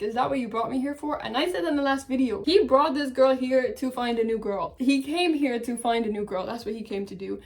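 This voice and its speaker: Young woman vlogger, kinda high voice, gossipy recap, blunt and swears a lot. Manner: frank, chatty, swears, laughs between remarks. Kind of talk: casual reality show recap.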